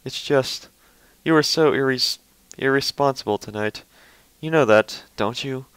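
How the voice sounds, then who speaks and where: A man reading the lines of a refined, emotional female unicorn pony in a soft, genteel, earnest way, his voice smooth and clear. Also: medium pitch, measured pace, dry recording, lightly acted, rough recording. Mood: tender.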